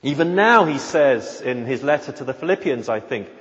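A man preaching an expository sermon, slow and earnest, often repeating words as he searches for the next phrase. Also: medium pitch, animated. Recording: dull audio with long hall reverb.

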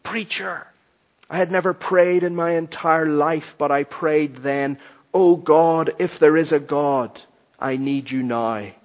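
A man voicing a frail, dying old barber who speaks in a weak, trembling, hushed voice, on a dull lo-fi recording. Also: on the high side, takes it slowly. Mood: trembling, tearful.

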